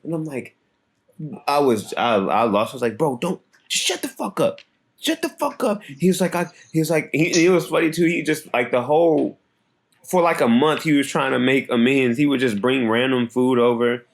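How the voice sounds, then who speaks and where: Young male podcast co-host, mid-range voice, lively storyteller who laughs a lot. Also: moderate pace. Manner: animated, laughing, voice jumps high on punchlines. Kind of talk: casual storytelling chat.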